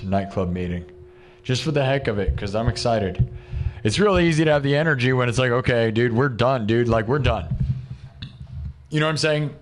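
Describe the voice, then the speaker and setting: A young man hosting a livestream, chatting casually and excitably, full of "dude" and "like", and rattling off supporters' names. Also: mid-range voice, slight background noise. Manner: excitable, loose, peppered with "dude" and "like"; reads out supporters' names in a quick list. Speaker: livestream host. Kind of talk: casual rambling livestream chat.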